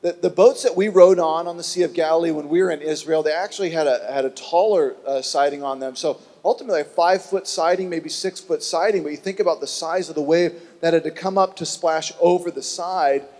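A man preaching a sermon, telling a Bible story in an animated way and acting out the voices of its people. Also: on the high side, fairly quick, hardly any pauses, in a large hall. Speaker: pastor.

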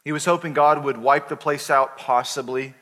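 A pastor preaching a sermon, telling the story with playful voices for the characters. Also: male voice, mid-range voice, steady tone, normal speed, a bit bright. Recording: hall reverb.

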